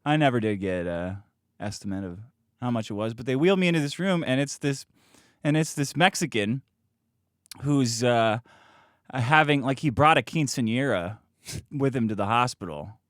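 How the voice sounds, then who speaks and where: A middle-aged man hosting a podcast, telling a story in a profane, animated way and acting out the people in it, close on a podcast mic. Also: medium pitch, normal speed, no room sound. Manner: animated, profane, acts out quotes from his story. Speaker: podcast host. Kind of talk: casual storytelling.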